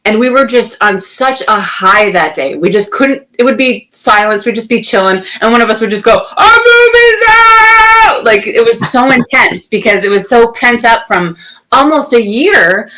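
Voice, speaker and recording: A woman guest in an interview, telling the story of the release in an enthusiastic, animated way. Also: a little high, moderate pace, rough recording. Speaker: producer guest. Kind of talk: casual interview chat.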